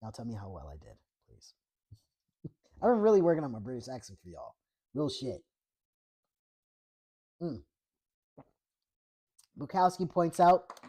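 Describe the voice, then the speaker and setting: Low-voiced woman reading with profane asides. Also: very animated, unhurried, pauses often, mellow. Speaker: host reading a book aloud. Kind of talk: book reading with political commentary.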